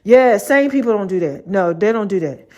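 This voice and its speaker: A woman hosting her own podcast, telling a story in a casual, animated way with frequent laughs and slangy asides. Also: mid-range voice, moderate pace, highs cut off. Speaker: podcast host.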